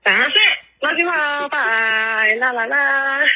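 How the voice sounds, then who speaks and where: A woman's voice: sits high, slow, sharp tone, poor audio. A woman from England leaving a rambling phone voicemail for a podcast while out of breath from walking her dog. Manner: rambling, lots of ums and likes. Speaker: caller.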